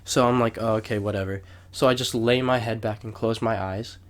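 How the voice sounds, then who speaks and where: A man's voice: on the low side, brisk. A young man co-hosting a podcast, telling a long story in casual chat, rambling and swearing, with raised voices when he acts out quotes. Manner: rambling, swears a lot, lively retelling with raised acted-out quotes. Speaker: podcast co-host.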